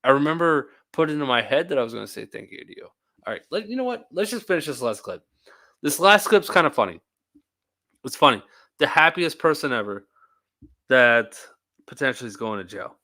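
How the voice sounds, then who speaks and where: A man's voice: mid-range voice, animated, brisk, bright, forceful tone. A tired man hosting a live stream, chatting in a rambling, talkative way and laughing often. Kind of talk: casual live-stream chat.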